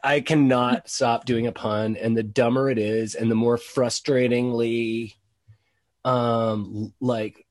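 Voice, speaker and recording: A man's voice: mid-range voice, little pitch movement, slow. A man in casual conversation who rambles, laughs often and fills his talk with "you know" and "like".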